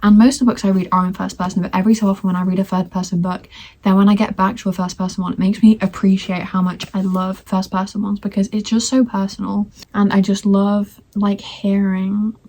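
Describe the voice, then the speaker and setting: A woman's voice: mid-range voice, level tone, brisk, dark tone. A nineteen-year-old woman chatting casually in a reading vlog, rambling with lots of fillers, recorded on a phone. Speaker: book vlogger. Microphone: phone camera.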